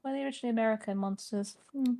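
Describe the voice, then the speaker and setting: A British woman chats on a game stream and plays along with the jokes. Her voice sits somewhat high, and she laughs often. She slips easily into silly voices for a bit. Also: rapid-fire, vocal fry, warm tone. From Britain. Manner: playful, jumps into jokey character voices and laughs. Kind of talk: casual chat.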